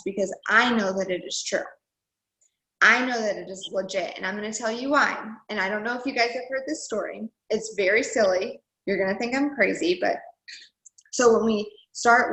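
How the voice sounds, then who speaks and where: Chatty woman giving a motivational talk, roomy sound. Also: mid-range voice. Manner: chatty, animated, lots of "like" and "you guys". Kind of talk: motivational video call talk. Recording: roomy echo.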